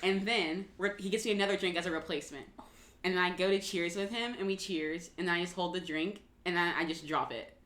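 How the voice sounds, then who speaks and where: A woman's voice: lowish voice, fairly even intonation, fast talker, a bit bright. A woman in her twenties, a podcast co-host, chatting casually and telling offhand anecdotes. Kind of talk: casual chat. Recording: roomy with faint background noise.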